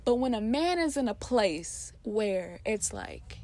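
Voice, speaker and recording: A woman's voice: fairly high pitch, big pitch swings, takes it slowly, a little mellow, no room sound. A woman talking passionately and casually about a poem she wrote, speaking emphatically in bursts with lots of fillers. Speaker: poet explaining her poem. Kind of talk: casual heartfelt monologue.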